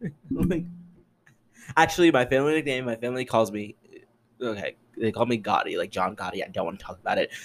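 A young man hosting a solo podcast, ranting in an exasperated, sarcastic way and swearing freely, jumping between loud outbursts and muttered asides. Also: lowish voice, fast, a little hiss or hum. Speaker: podcast host.

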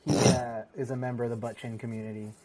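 A man's voice: mid-range voice, flat delivery, fast, crowd noise. A man who is a podcast guest, retelling movie scenes with lots of laughter. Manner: laughing storyteller. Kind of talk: casual chat.

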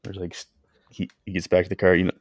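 A man's voice: deep voice, completely flat delivery, fast, no room sound, clean studio sound. A young man, a podcast co-host, telling a story in casual chat, rambling with lots of "like" fillers and acting out what people said.

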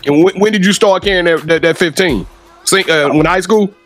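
A high-pitched man hosts with loud, slangy energy, stumbling over and repeating words as he gets going. He sounds excited throughout, with faint music underneath. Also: a little fast. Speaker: interview host. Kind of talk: casual hype interview.

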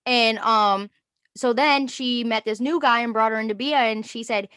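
A young woman co-hosting a casual chat, telling an animated story and acting out quotes with frequent laughter. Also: fairly high pitch, moderate pace, no echo, clean studio sound. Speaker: podcast co-host.

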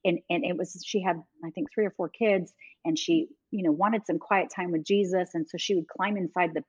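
A middle-aged woman speaking as a guest, lively and quick to laugh, doubling back on her own sentences. Her voice sits fairly low. The sound is dull and dry, with little room in it. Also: husky, no room sound. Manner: animated, laughing, self-interrupting. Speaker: guest, ministry leader. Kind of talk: conversational storytelling.

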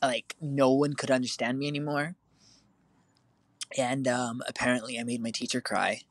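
A man's voice: mid-range voice, little pitch movement, normal speed, no room sound. A teenage boy co-hosting a casual chat, telling a long story with lots of fillers and restarts. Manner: rambling, filler-heavy storytelling.

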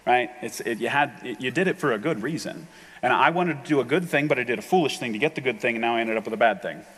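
A man's voice: mid-range voice, fast talker, fairly bright tone, husky. A middle-aged man preaching a sermon as a pastor, candid and self-deprecating, talking in a loose conversational way. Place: large rented hall with reverb. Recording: long hall reverb.

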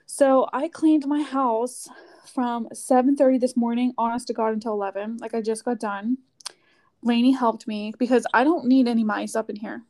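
A woman's voice: fairly high pitch, steady tone, normal speed, warm tone. A woman chatting casually, telling a story with lots of "like" fillers. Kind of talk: casual chat.

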